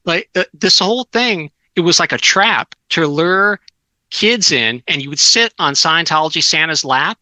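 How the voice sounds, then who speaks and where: A man's voice: fairly high pitch, animated, moderate pace, bright, forceful tone, no room sound, rough recording. A middle-aged man telling casual stories as a guest, with many restarts and fillers. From Southern California. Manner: rambling anecdotes with many restarts. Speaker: guest author. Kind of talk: casual storytelling.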